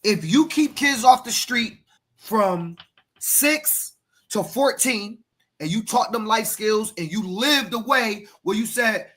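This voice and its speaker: A man's voice: high voice, expressive, slow pace, a bit bright. An American man who coaches youth football and hosts a podcast, talking emphatically and preachily, repeating himself and calling his co-host by name. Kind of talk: passionate podcast talk.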